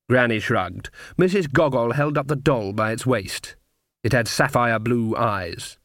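A man giving a measured, scripted audiobook narration. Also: mid-range voice, no room sound, clean studio sound. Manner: even, measured storytelling.

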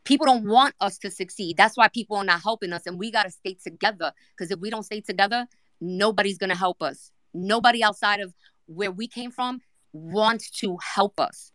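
A woman with a New York accent speaking bluntly and forcefully as a guest on a live chat. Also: medium pitch, a little fast, no echo. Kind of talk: outspoken casual talk.

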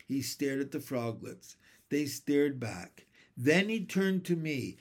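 A man reading a children's book aloud, falling into a low, quiet narrating voice between the characters. His delivery is slow and unhurried, with lots of movement in pitch. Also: sing-song. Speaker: storyteller.

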